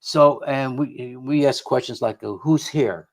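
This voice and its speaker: A middle-aged man telling a story of his own past as a radio guest. His voice sits at an ordinary male pitch, and he wanders through the tale with many restarts, repeated words and quoted lines of what people said. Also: unhurried. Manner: rambling, full of restarts and quoted dialogue. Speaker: guest investigator of the unexplained.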